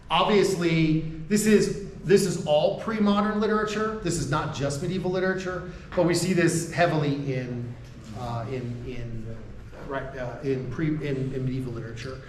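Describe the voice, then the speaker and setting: An American man gives a conversational lecture to faculty, restarting his sentences and checking in with his listeners. His voice sits a bit high for a man. He is heard from a distance in an echoey room with faint ambient noise. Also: moderate pace. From United States. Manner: laughs between points.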